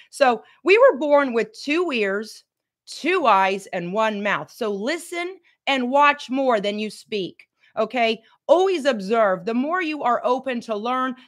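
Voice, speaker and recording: Emphatic, high-voiced woman coaching live. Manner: emphatic, repeats key lines for effect. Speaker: fitness and life coach. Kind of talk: motivational coaching livestream.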